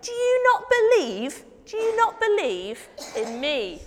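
A calm, commanding teacher speaks slowly and firmly, as a woman puts him on during a children's story. The voice sits high and rises and falls widely. A long reverb trails off each word, and a faint hiss lies beneath it. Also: heavily acted. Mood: questioning.

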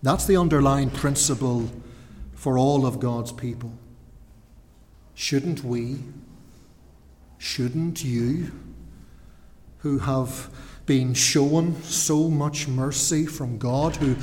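A man preaching a sermon, earnest and slowing down to stress key words. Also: mid-range voice, a little mellow. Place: church. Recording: church hall reverb.

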